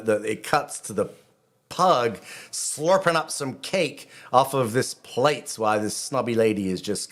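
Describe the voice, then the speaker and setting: Chatty rabbi rambling about a show. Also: male voice, medium pitch. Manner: rambling, self-interrupting, chatty asides. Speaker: rabbi and channel host. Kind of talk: casual video commentary.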